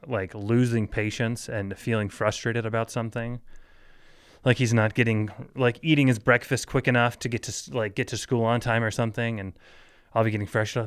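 A man's voice: on the low side, fairly even intonation, normal speed, smooth, no room sound, clean studio sound. A man in his thirties hosting a casual solo podcast, rambling loosely, chuckling often and swearing offhand. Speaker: podcast host.

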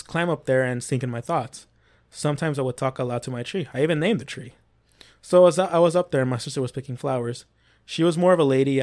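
A man hosting a casual podcast, reading paranormal accounts aloud with small slips and restarts. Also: medium pitch.

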